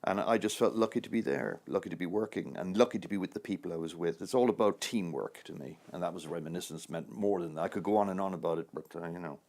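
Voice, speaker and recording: A man's voice: deep voice, quick pace, vocal fry, few pauses, a little mellow. A man in his sixties, an actor, answering interview questions in a rambling, anecdotal way with frequent chuckles. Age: 60s.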